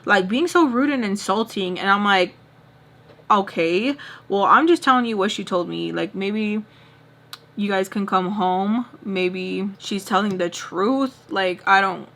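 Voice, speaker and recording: A woman vlogger telling a story casually, acting out both sides of the arguments. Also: medium pitch. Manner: fast animated retelling, acts out both sides of arguments. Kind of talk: casual storytime, quoting others.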